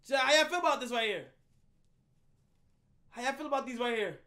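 A young man on a livestream talking to his chat, loud, excitable and full of slang. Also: very high voice, a little fast.

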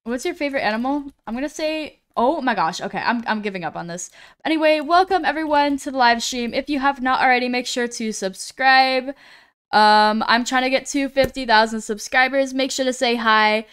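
A woman live-streaming a game, her voice smooth and a touch higher than most. She chats loosely, reads viewer comments out loud, and trips over names before saying sorry. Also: moderate pace. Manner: reads chat aloud, apologetic, stumbles over names. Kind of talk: casual live-stream chat.

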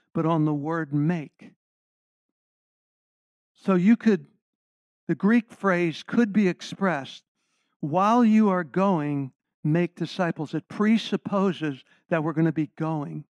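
A man's voice: a little high, a little mellow, no room sound, highs cut off. Older man preaching an earnest sermon. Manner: earnest teaching, asks the congregation questions. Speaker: guest preacher.

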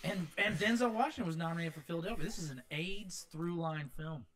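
A man's voice: a little high, brisk, a bit bright. A man co-hosting a movie podcast, talking crudely and sarcastically with a lot of swearing. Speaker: podcast co-host. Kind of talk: casual chat.

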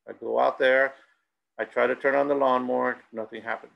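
A man's voice: medium pitch, steady tone, quick pace, vocal fry, highs cut off. A middle-aged man giving a bilingual presentation and telling anecdotes. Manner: switches between Spanish and English, tells anecdotes. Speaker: school presenter.

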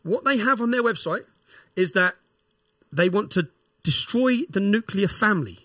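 With a high pitch and lively intonation, a middle-aged English podcast guest speaks at normal speed in a fairly bright tone. He tells his story and rants emphatically, checking in with "yeah?" again and again. The studio-quality audio has no room sound.

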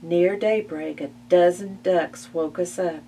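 Slow, expressive woman reading a picture book. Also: on the low side. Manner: expressive, gasps at the story's turns. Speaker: library storytime reader. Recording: distant mic with faint hum.

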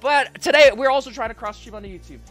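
Young male streamer, upbeat and chatty, cusses a lot; bright voice, faint music behind. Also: extremely high pitch, quick pace. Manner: upbeat, chatty, swears freely. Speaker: livestreamer. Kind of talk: casual live-stream chat.

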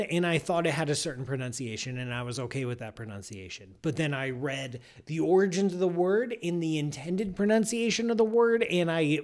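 Male science-show host, lively and theatrical, mock-outraged, big swings between loud and muttered. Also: fairly high pitch. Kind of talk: live science show monologue.

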